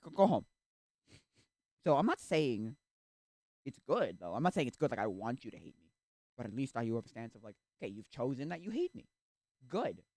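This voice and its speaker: A male streamer in casual chat, rambling with restarts and acting out little quoted exchanges, sometimes breaking into loud rants. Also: mid-range voice, big pitch swings, fairly quick, dry recording. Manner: gets loud and ranting.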